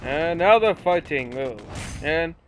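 A teenage boy casually commenting on his video game play, goofy and excitable, swearing and breaking into silly shouts. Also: a little high, takes it slowly, a little hiss or hum. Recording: loud game music under voice. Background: video game music.

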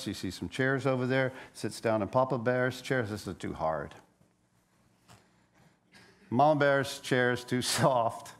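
A man preaching a sermon as a pastor, telling a story with lively energy and frequent stammered restarts. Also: fairly low pitch.

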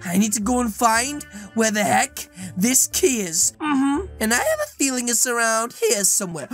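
A woman's voice: on the high side, sing-song, normal speed, soft background music. A woman hosting a game role-play video, chatty and silly, talking straight to her viewers. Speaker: gaming video host.

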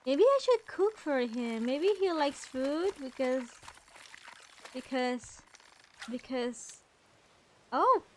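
High-pitched streamer woman, dramatic and playful. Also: very animated, slow pace, pauses often, slight background noise. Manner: playful, dramatic, squealing and fake-sobbing over a game character. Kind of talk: casual game livestream commentary. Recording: faint game music behind.

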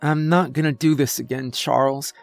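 A man's voice: mid-range voice, fairly even intonation, normal speed, gravelly, dry recording, faint music behind, pitched above the performer's own voice, natural voice. A man voicing a sad, cursed young woman, strained and defiant, in a horror story reading.

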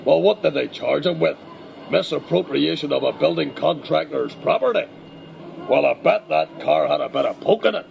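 A man playing a blustering old Northern Irish preacher-politician in a radio comedy sketch, with a gravelly Northern Irish voice and a gruff, crude, sarcastic manner. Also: a little high, lively intonation, moderate pace, highs cut off.

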